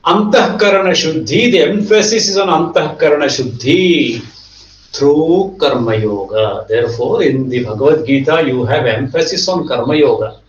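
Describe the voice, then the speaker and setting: A man teaching a Vedanta class, explaining concepts and rapidly chanting Sanskrit verses. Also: on the high side, expressive, echoey room, far from the mic, dull audio, slight background noise.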